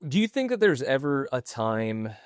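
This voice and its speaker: A man co-hosting a podcast in casual business chat, chatty and quick with short affirmations. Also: medium pitch, big pitch swings, clean tone, dry recording, clean studio sound. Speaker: podcast co-host.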